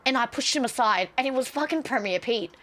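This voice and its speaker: A woman streamer chatting casually to her viewers, excitable and swearing freely. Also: on the high side, fairly quick, background noise. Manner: excitable, swears a lot, talks straight to chat.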